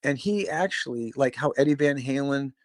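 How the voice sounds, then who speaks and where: A casual, rambling man from Chicago trades road stories as a podcast guest. He swears freely and slips into quick impressions of the people he quotes. His voice sits at an ordinary pitch and sounds close and dry, with no room around it. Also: lively intonation, dry recording. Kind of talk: casual storytelling interview.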